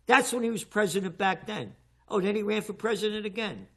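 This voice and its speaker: An older man giving heated, emphatic political commentary in a talk show, his voice often rising loud. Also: sits high, fairly quick. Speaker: guest commentator.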